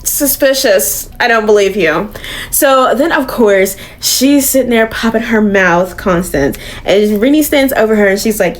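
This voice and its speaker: A woman retelling a comic story in a casual, animated way. She swears freely and talks at a middling pitch. Her delivery is loose and conversational. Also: unhurried. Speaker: comic book reviewer. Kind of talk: casual recap.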